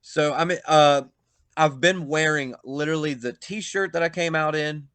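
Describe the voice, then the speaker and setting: A man spins a backstage story in casual chat, animated and full of swearing, with loud bursts when he acts out what others said. His voice is bright and forceful. The recording is close and dry, with no room sound. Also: fairly high pitch, moderate pace, smooth, no echo. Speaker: pro wrestler, podcast guest.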